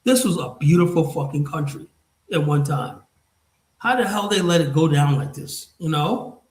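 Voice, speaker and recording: A man's voice: a little high, animated, moderate pace, darkish tone, reverberant, poor audio. A man hosting a podcast, talking bluntly and profanely in a heated casual discussion. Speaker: podcast host.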